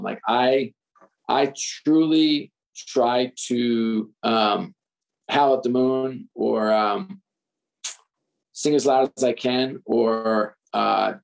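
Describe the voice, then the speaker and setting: A middle-aged man, an author guest, telling candid stories in an interview, animated and full of restarts. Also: mid-range voice, creaky, poor audio. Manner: animated, restarts often, acts out quotes. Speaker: author and sports executive guest.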